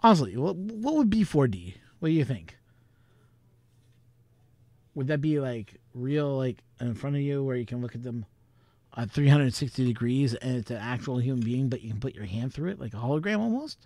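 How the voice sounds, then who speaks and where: A man's voice: medium pitch, moderate pace, mellow, no echo. A man hosting a vlog in casual chat, rambling, chuckling and thinking aloud. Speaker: vlog host.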